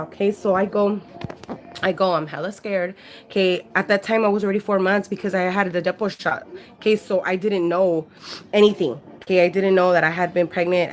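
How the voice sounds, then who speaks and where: Brief: woman vlogger, slightly low voice, rambling casual storytelling to a handheld camera, peppered with "you know" and swearing. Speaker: vlogger sharing her life story. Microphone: handheld camera at arm's length.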